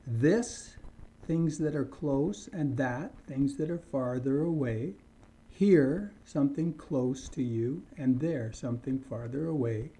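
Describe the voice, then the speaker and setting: A man teaching an online English lesson, speaking slowly and deliberately and repeating words for learners to copy. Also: medium pitch, mellow, low-quality recording.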